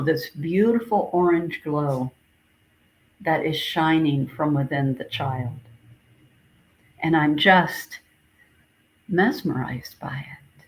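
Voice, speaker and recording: A woman minister giving a sermon, gently recounting a dream in a reflective, repetitive storytelling way. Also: low-pitched, low-quality recording. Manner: slow, gentle, reflective storytelling with repeated phrases.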